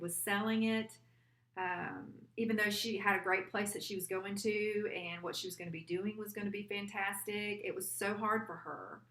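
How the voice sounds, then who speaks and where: A woman's voice: medium pitch, sharp tone, echoey room. A real estate agent, a woman, telling an earnest personal story, a little teary at times. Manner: heartfelt, earnest, quotes her client aloud.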